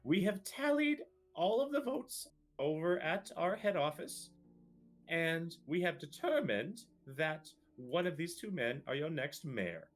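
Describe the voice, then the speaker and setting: Man voicing a crown official, fussy, formal, stammering, raised pitch, faint music behind. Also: big pitch swings, measured pace. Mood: pompous. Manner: hesitant, stammering formal speech.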